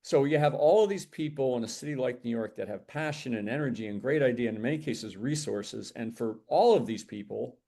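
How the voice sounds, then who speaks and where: A middle-aged man, an entrepreneur being interviewed, telling his story in a lively conversational way and acting out the lines of people he quotes. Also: mid-range voice, fairly quick, gravelly, hardly any pauses. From United States. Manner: animated, acts out quoted dialogue. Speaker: podcast guest, entrepreneur.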